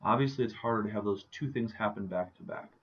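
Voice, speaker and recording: A man's voice: on the low side, fast talker, lo-fi sound, slight background noise. A man teaching a recorded biology lecture, talking through examples conversationally with rhetorical questions and fillers.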